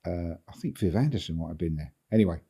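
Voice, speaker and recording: Older man telling a rambling anecdote, deep. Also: animated, fast talker, dark tone, slightly rough. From England. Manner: rambling, repeats words, chuckles through his story. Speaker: football agent, guest. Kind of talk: anecdotal storytelling in a podcast interview.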